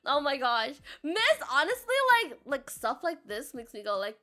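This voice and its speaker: A young woman VTuber chatting casually with her live chat, giggly and playful with frequent loud laughter. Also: high-pitched, sing-song, normal speed, few pauses. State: sore throat. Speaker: VTuber streamer.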